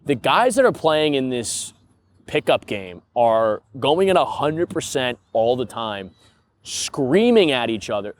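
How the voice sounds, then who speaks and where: Animated young man rambling comedically. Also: mid-range voice, a little slow. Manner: animated and rambling, laughs at his own stories. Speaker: podcast host. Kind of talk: casual comedic monologue.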